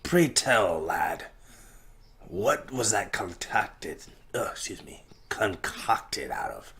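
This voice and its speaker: A man's voice: low voice, very animated, takes it slowly, a bit bright, full character voice. A man voicing a pompous, old-fashioned male lord who talks in archaic, theatrical phrases.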